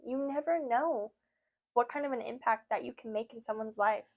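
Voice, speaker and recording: A woman's voice: fairly high pitch, normal speed. A woman hosting a podcast, sharing her faith in an earnest, emotional, chatty way with lots of fillers. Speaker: podcast host. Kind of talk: casual faith talk.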